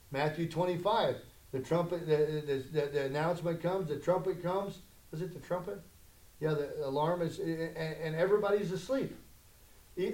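A male pastor preaching a conversational sermon that swells into loud, emphatic challenges, in a church sanctuary. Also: fairly high pitch. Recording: echoey room.

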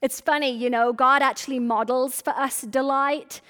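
A woman preaches to her church in a loose, chatty way and slips into quick voiced asides. Her voice sits high. The sound carries a long reverb from the sanctuary. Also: clean tone. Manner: casual, animated preaching with quoted asides. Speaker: pastor. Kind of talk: sermon.

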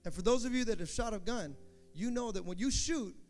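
Animated high-voiced man preaching. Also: brisk, faint music behind. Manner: animated storytelling, acting out shouts and quotes. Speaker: pastor. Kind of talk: sermon.

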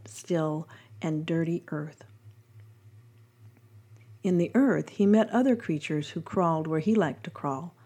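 A woman reading a devotional reflection, telling a parable in a gentle, measured storytelling manner. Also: mid-range voice. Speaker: devotional podcast reader.

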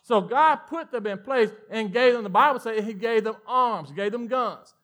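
A male pastor with a Southern American accent preaching a sermon, animated, swinging from loud emphatic lines to hushed asides. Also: extremely high pitch, normal speed.

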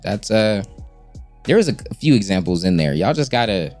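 Deep-voiced laid-back man. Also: very animated, moderate pace, a little mellow, faint music behind. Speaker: podcast co-host. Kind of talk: casual relationship chat.

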